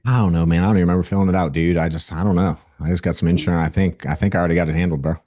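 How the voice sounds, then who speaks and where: A man's voice: deep voice, fairly even intonation, very fast, mellow, pitched below the performer's own voice, natural voice. A man role-playing a disinterested male sales prospect who brushes off a caller in an offhand, mumbling way. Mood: dismissive.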